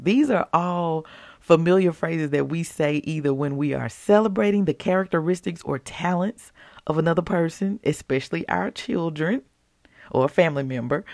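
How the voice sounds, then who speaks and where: Low-voiced woman with a bit of fry, casual animated devotional talk, dry recording. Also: no echo. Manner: chatty and animated, with laughs and acted-out quotes. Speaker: devotional speaker.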